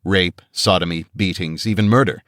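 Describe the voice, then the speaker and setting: A man narrating an audiobook in a steady, measured reading style on a close studio mic. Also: sits low, no echo. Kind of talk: scripted narration.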